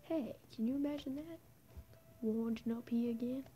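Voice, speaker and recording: A woman's voice: fairly high pitch, normal speed, dark tone, lightly acted, low-quality recording. Woman putting on a taunting Australian drifter. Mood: mocking. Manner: mocking, drawling, mostly whispered. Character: grizzled homeless drifter man, taunting and unhinged. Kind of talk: voicing game dialogue aloud.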